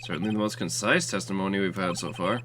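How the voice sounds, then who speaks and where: Elderly judge, voiced by a man, formal, slow, lower pitch, game music. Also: noisy background, lightly acted. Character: fussy elderly male judge.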